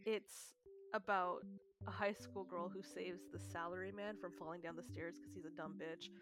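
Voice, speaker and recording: A woman's voice: on the low side, steady tone, moderate pace. Giggly, swearing woman podcast host. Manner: laughs often, swears freely, retells a story with acted voices. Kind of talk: casual chat.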